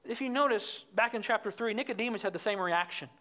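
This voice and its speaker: A woman preaching an expository sermon in an emphatic way, getting higher and louder as she stresses her points. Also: quick pace. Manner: emphatic, rises in pitch and volume when stressing points.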